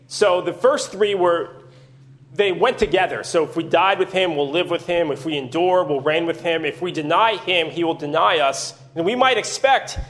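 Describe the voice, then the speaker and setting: High-voiced man preaching a sermon. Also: fairly bright tone. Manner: earnest, measured teaching with rhetorical questions.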